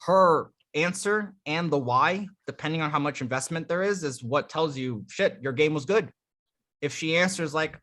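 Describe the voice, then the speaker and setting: A man running a live dating coaching session, talking bluntly with profanity and animated storytelling. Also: a little high, normal speed.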